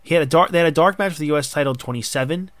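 A man hosting a casual podcast chat, excitable and rambling in long run-on bursts. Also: fairly high pitch, racing. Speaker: podcast host.

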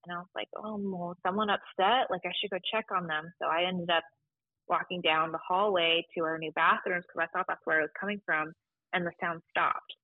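A woman who works at a library, telling stories casually in an interview, animated and full of quoted voices. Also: lowish voice, a little fast, dry recording, phone-quality sound. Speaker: library staff member.

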